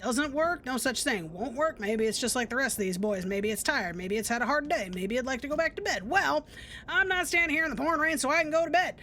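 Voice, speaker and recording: A woman voicing a gruff male baseball coach in a game, loud, barking and intense. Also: sits high, lively intonation, fairly quick, a little hiss or hum.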